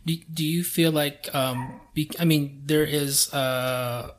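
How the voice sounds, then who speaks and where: A woman's voice: sits low, steady tone, takes it slowly. A woman hosting a podcast who asks curious questions and adds affirming interjections in a casual interview chat. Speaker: podcast host.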